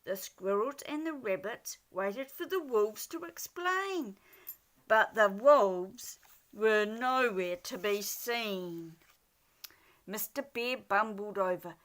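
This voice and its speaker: A woman reads a children's picture book aloud, taking her time and making the words expressive and animated. Her voice is bright and clear, and it swings up and down in pitch. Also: slow. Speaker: storyteller.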